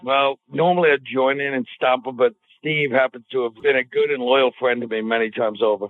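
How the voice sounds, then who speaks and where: A man's voice: mid-range voice, steady tone, brisk. Mock-angry, foul-mouthed man, phone-thin. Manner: mock-angry, profane ranting. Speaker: podcast guest. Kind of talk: crude comedic banter. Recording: tinny phone-like audio.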